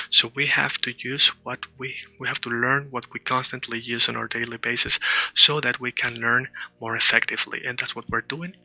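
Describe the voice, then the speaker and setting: Very bright-voiced male Spanish teacher. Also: mid-range voice, no echo. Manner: explanatory, repeats words for practice. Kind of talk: casual language lesson.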